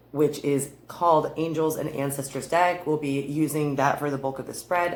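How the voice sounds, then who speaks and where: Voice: medium pitch, slight background noise. Rambling, chatty tarot reader in an echoey room. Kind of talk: casual chat to camera. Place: room in their new home.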